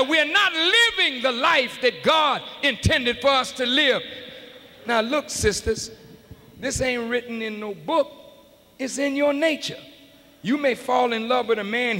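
Man, preacher, fiery sermon, shouting, very high pitch, slow and deliberate, live arena echo. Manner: shouting, emphatic, calls out to the audience. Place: large arena hall. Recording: live arena hall with faint crowd noise.

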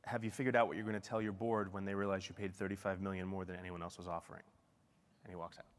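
A middle-aged man giving a lively, self-deprecating keynote talk at a conference. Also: sits low, quick pace, long reverb tail. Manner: animated, self-deprecating storytelling. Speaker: keynote speaker. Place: large conference hall.

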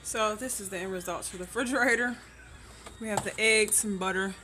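A woman's voice: medium pitch, fairly quick, pushed and bright, soft background music. A woman in her thirties chatting casually through a home vlog, narrating her chores as she goes in her kitchen and laundry room, filmed on a handheld camera. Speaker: family vlogger.

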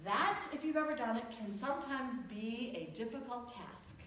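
In a church sanctuary, a woman pastor with a slightly high voice delivers a sermon, telling stories with humor and stretching out emphatic phrases. The recording is echoey and distant, with heavy background noise.

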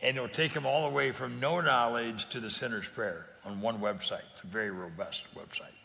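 A man's voice: medium pitch, fairly even intonation, brisk, gravelly, sharp tone, in a large hall, slight background noise. A man from California, a guest in a casual interview, telling stories in an earnest, plain-spoken way with frequent restarts. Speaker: guest evangelist.

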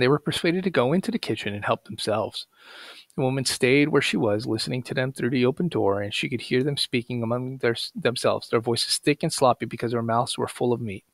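Gravelly man reading a story aloud. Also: mid-range voice, dry recording. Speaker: narrator. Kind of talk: read-aloud story narration.

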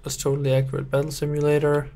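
A man's voice: fairly high pitch, completely flat delivery, racing, vocal fry, mellow. A young man, a game developer judging player builds in casual, playful gameplay commentary full of teasing banter. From Denmark.

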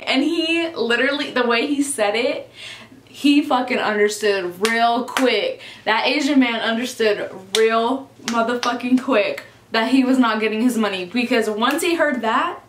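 A woman's voice: a little high, normal speed, fairly bright tone, slight background noise. A young woman in her twenties telling a story casually, swearing often and saying "like" constantly, for her vlog. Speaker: vlogger. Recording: echoey room.

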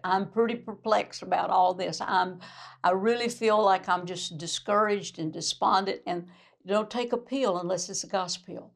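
Fervent older woman preaching, gravelly. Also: mid-range voice. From Louisiana. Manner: fervent, emphatic, repeats phrases for emphasis. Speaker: preacher, bishop. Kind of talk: sermon.

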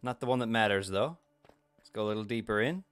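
A man's voice: lowish voice, fast talker, fairly bright tone, clean tone, no echo, faint music behind. A man hosting a let's play video, talking through his game in a jokey, self-deprecating way and yelping at sudden surprises. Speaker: gaming video host.

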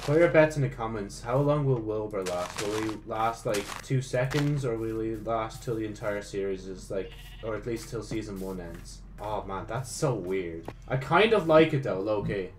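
Excitable man swearing through gameplay commentary. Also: fairly low pitch, moderate pace, hardly any pauses, soft background music. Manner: excitable, swears often, talks to himself. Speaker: gaming channel host.

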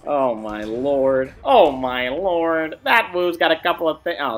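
A young man giving excitable gameplay commentary, swearing often and laughing a lot. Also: a little high, unhurried, few pauses. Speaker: gamer.

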